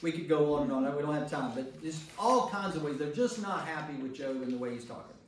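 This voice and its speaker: Chatty priest teaching a bible class, checks in w the group, big echo, faint room hiss. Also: male voice, a little high, a little fast. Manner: conversational, repeats words and checks in with listeners. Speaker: priest leading a Bible study. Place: church meeting room. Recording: very echoey room, distant mic.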